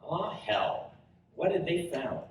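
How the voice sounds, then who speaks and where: Guy reading his book out loud at a con, lively voice, far off mic with some room noise. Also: a little high, slow. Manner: animated storytelling with character voices. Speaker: author reading his work. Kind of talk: live reading of a book prologue. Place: convention panel room. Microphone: audience recorder in front row. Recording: roomy hall recorded from audience.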